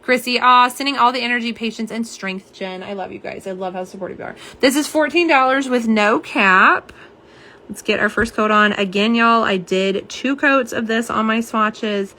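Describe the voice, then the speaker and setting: A tired woman hosts a casual nail polish livestream, chatting warmly and reading viewer comments aloud. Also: fairly high pitch, normal speed. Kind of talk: casual live-stream chat.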